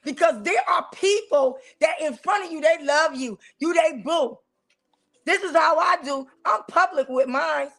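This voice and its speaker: High-voiced sassy woman host. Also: unhurried. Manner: sassy, animated, talks straight to the audience. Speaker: talk show host. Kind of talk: casual preaching-style commentary.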